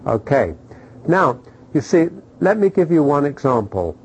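A middle-aged man preaching a sermon, animated, throwing rhetorical questions at the congregation and checking in with "okay?". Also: fairly high pitch, a little slow, slight background noise, low-quality recording.

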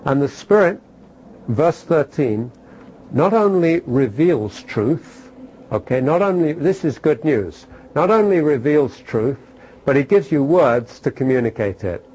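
A man's voice: fairly high pitch, animated, unhurried, darkish tone, husky, poor audio. A man preaching a sermon, repeating phrases for emphasis and asking his listeners questions.

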